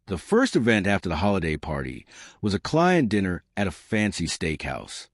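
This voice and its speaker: A man narrating his own story in a wry, deadpan way. His voice sits a little low yet moves lively up and down. The recording is dry and close. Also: normal speed, no room sound. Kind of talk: scripted first-person story narration.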